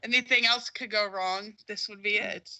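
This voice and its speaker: A woman co-hosting a podcast, chatty and giggly, her voice a little hoarse. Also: medium pitch, steady tone, normal speed, pushed and bright, low-quality recording. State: losing her voice. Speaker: podcast co-host. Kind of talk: casual podcast chat.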